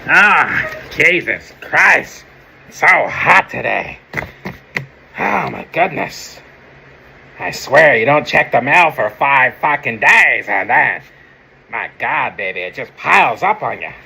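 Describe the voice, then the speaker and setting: A man's voice: mid-range voice, big pitch swings, slow, gravelly, sharp tone, a little hiss or hum, exaggerated voice, rough recording. A man playing a foul-mouthed grump who mutters and swears to himself while sorting his mail in a comedy sketch. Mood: grumbling. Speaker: sketch character.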